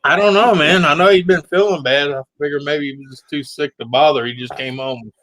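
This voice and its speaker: A man's voice: on the high side, a little fast, a bit bright, a little hiss or hum, low-quality recording. A man chatting casually as a guest, easygoing and rambling through stories, saying yeah often. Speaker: regular guest. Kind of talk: casual chat.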